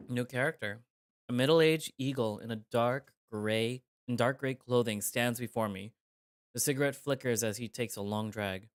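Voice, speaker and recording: A man's voice: mid-range voice, normal speed, clear, resonant tone, no echo, studio quality. A man streaming a live reading of a visual novel, narrating in the first person with casual, joking asides.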